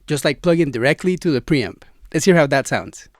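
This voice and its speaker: Swapping between studio mics, this gear reviewer gives a casual, enthusiastic demo to camera, addressing the viewer as a friend. His fairly high voice is expressive and a little fast, with some hiss or hum over the dry, close studio sound.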